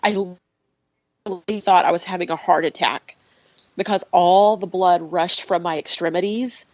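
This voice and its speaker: A woman with a lower-pitched voice tells a personal story as a podcast guest. She is animated and emotional and laughs often as she goes. The sound is dry and close, with a slightly dull, muffled tone. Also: unhurried, no echo.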